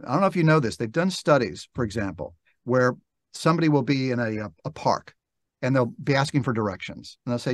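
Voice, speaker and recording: A man's voice: medium pitch, lively intonation, no echo. Older man telling stories in a dry studio. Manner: reflective, halting with restarts, acts out quoted dialogue. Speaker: interview guest, narrator and actor. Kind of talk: relaxed storytelling interview talk. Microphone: podcast microphone.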